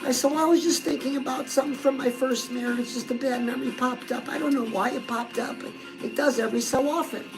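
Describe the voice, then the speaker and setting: This self-help show host has a notably high voice and keeps calling her listener "girl" as she gives sassy, chatty coaching on a comedic live show, with clear music playing throughout. She talks fast with fairly even intonation and hardly pauses, on a low-quality recording.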